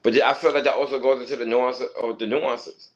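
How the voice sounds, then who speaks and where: Male host, insistent debater, restarts a lot, mid pitch. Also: fairly even intonation, fairly quick, muffled recording. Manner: insistent, repeats words while arguing. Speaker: podcast host. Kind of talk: casual debate.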